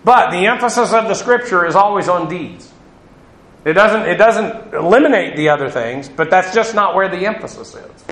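Guy preaching, chatty and rambling, kinda higher voice, echoey room. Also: animated, moderate pace, fairly bright tone. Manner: conversational, digressive, frequent uh fillers. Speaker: pastor. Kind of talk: sermon.

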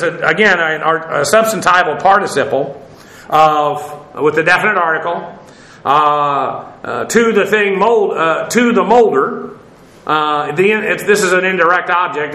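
Male Bible teacher, bright and sharp tone, halting delivery with restarts and spelled-out words, recorded with room echo. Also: high-pitched. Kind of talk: verse-by-verse Greek text lesson.

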